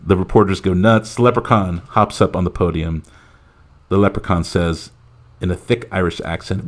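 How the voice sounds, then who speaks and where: A man hosting a casual movie podcast. His voice sits a little low and he talks in a relaxed, meandering way. Fillers pepper his sentences as he narrates and chats. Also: normal speed. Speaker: podcast host.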